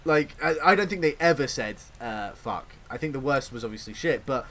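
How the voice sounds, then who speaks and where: An English man hosting a casual podcast chat, giving blunt opinions in an animated way. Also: medium pitch, a little fast, a little hiss or hum. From Britain. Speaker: podcast host.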